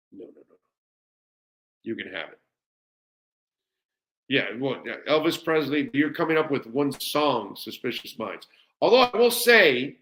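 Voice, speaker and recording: A man's voice: medium pitch, a bit bright. A middle-aged man hosting a live show, chatting casually and gushing enthusiastically as he answers viewer comments, rambling with fillers and repeated words. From United States. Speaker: sports radio host.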